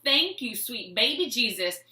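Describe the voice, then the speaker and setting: A woman vlogger telling a comic personal story with a life lesson, animated and expressive as she acts out scenes. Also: fairly high pitch, measured pace, soft background music. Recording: echoey room.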